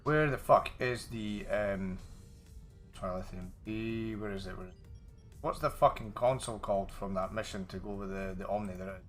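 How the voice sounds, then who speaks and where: A man's voice: fairly low pitch, normal speed, soft background music. A man live-streaming a game, chatting casually with viewers, swearing a lot and going off on rambling rants. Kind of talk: casual live-stream chat while gaming.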